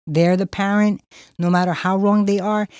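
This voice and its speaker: A podcast co-host with a mid-pitched voice who keeps jumping in with quick agreement during a casual talk. The sound is dry and close to the mic. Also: flat delivery, darkish tone, clean tone, no room sound.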